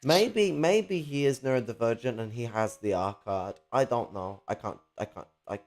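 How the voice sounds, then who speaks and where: A man's voice: mid-range voice, moderate pace, a little mellow. A man in casual political chat, ranting and cursing with sarcastic jabs.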